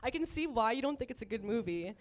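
A woman's voice: on the high side, expressive, quick pace, slight background noise. A woman in a casual group chat, talking eagerly and insisting on her point. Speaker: podcast guest.

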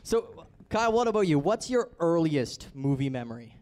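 A man's voice: on the high side, big pitch swings, normal speed, a little mellow. A man hosting a casual group chat, quizzing his guests and laughing often. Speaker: podcast host.

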